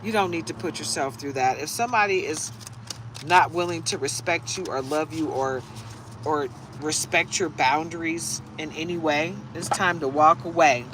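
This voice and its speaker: A low-voiced woman speaks at a moderate pace, chatting casually through a live tarot reading and wandering off into rambling stories. She laughs easily while faint traffic hums in the background.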